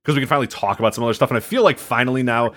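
A man co-hosting a casual wrestling podcast, animated and full of fillers, laughing easily. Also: mid-range voice, rapid-fire. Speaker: podcast co-host.

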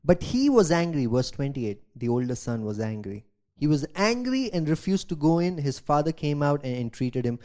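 A man, a pastor, preaching a sermon, reading scripture aloud and asking rhetorical questions, swinging from loud emphasis to quiet asides. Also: a little high, sing-song, normal speed. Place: church.

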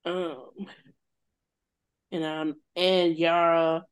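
A woman's voice: on the low side, little pitch movement, extremely slow, smooth, dull audio. A woman co-hosting a casual chat, gossiping and retelling scenes with quoted lines and slang. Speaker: podcast co-host. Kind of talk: casual chat recapping a reality show.

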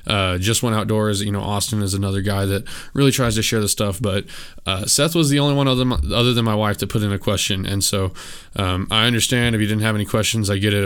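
A man's voice: on the low side, fairly even intonation, quick pace, clear, resonant tone. A man hosting a solo podcast, talking casually and candidly in a rambling way with lots of filler words. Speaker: podcast host.

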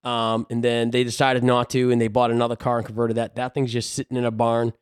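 A man's voice: mid-range voice, completely flat delivery, quick pace, clear, resonant tone, no echo, clean studio sound. A man, a race car driver and regular on the show, chatting casually with a cold that leaves him congested, telling rambling joking stories. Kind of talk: casual chat.

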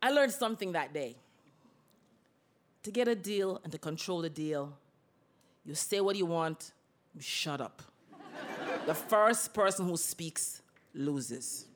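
A woman telling a personal story on stage, animated and acting out the dialogue. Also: lowish voice, takes it slowly, pauses often, a little hiss or hum.

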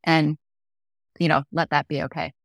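A woman's voice: low voice, flat delivery, moderate pace, no echo, clean studio sound. A woman speaking as a podcast guest and grief educator, earnest and conversational, often checking in with "right?". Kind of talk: conversational interview.

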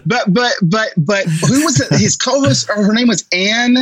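A man in casual podcast chat, telling stories in a lively way and laughing as he talks. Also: high-pitched, normal speed, crowd noise, low-quality recording. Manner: animated storytelling with laughs. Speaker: guest author.

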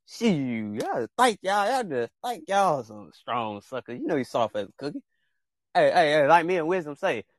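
A man hosts a casual show, joking around and trash-talking in loose slang. His voice sits a little high and swings widely in pitch. The sound is close and dry. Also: moderate pace, dry recording. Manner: animated and joking, with playful trash talk; slangy, talks straight to viewers. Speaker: show host. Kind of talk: casual chat.

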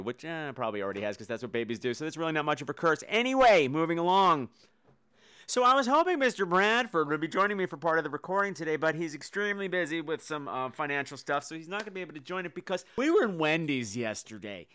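A man hosting a podcast, telling comedic stories in a campy, animated way with sudden loud exclamations. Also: fairly high pitch, quick pace, smooth. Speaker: podcast host. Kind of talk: casual comedic monologue.

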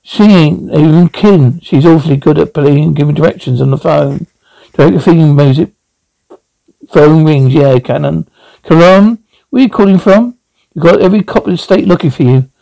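A man reading out an audio drama, speaking every part and reading the sound cues flatly. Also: fairly high pitch, moderate pace, gravelly, no room sound, poor audio.

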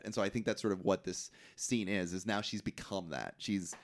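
Low gravelly man chatting about a movie. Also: a little fast, few pauses. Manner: joking asides and short backchannels. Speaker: podcast co-host. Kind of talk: casual movie discussion.

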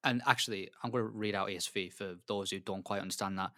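Thoughtful English man, low voice. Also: fairly even intonation, pushed and bright. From England. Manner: thoughtful, halting with fillers. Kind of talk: casual faith discussion.

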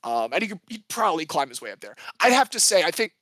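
A man's voice: sits high, very animated, quick pace, a bit bright, no room sound. A man from the United States co-hosting a casual sports history chat, rambling and jokey, often correcting himself mid-sentence. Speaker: podcast co-host.

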